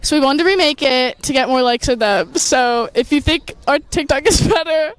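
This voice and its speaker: A woman's voice: high voice, normal speed, dry recording. A young woman casually introducing a social video, cheerful and giggly.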